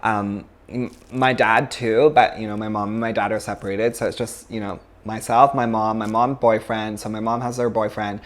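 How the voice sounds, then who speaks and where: A man's voice: fairly low pitch, level tone, normal speed, few pauses. A man from Canada, a yoga teacher giving a chatty, casual philosophy talk, full of fillers and laughs.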